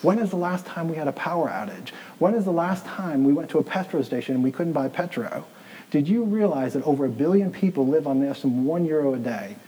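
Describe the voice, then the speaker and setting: A man's voice: fairly high pitch, lively intonation, fairly quick, warm tone, a little hiss or hum, low-quality recording. A man preaching a sermon as pastor, stressing points with repetition and sometimes dropping to a near-whisper. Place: church in Southeast Dublin.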